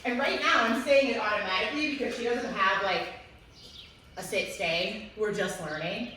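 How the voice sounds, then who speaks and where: A woman dog trainer who explains calmly and switches to high, excited praise for the dog. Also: moderate pace. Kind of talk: instructional video with live dog training. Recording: echoey room, distant mic, faint noise.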